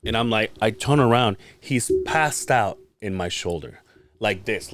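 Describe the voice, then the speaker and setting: Low-voiced man telling a profane story. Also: a little slow. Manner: profane, animated storytelling with acted-out quotes. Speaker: podcast co-host. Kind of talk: casual storytelling chat.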